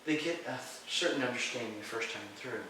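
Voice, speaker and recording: Male mystic teacher, animated storyteller, recorded from a distance in a reverberant room. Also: fast. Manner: animated storyteller, acting out voices in a high shout. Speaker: guest teacher of Taoist mysticism. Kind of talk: storytelling interview. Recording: echoey room, distant mic, faint hiss.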